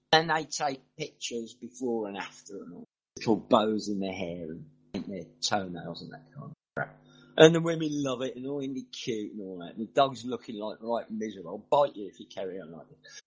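Husky, rambling Englishman in middle age. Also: mid-range voice, animated, moderate pace, low-quality recording. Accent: mixed northern and southern English. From English Midlands. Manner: rambling, chatty storytelling with asides. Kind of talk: casual chat.

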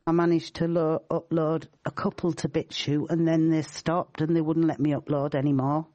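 A woman's voice: low-pitched, flat delivery, moderate pace, dark tone, no echo, muffled recording. Chatty woman on a call. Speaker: guest. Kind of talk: casual online call. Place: rural home.

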